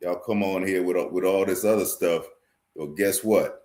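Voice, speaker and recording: A man preaching to his online viewers, forcefully repeating phrases, quoting scripture and checking "you understand?". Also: deep voice, fairly even intonation, normal speed. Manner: addresses viewers directly, asks "you understand?". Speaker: street preacher teaching a class. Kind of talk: livestream sermon.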